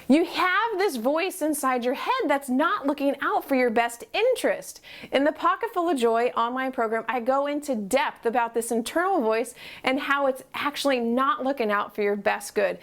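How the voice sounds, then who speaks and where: A woman speaking as a life coach, with a bright, high voice. She is encouraging and upbeat, and talks straight to the viewer, often asking them questions. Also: moderate pace. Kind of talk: motivational promo talk to camera.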